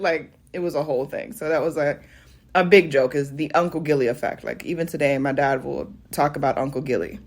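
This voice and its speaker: A woman's voice: deep voice, fairly quick. Chatty woman telling a funny story. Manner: animated, laughing often, addresses viewers as y'all. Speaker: vlogger. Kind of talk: casual storytelling to camera.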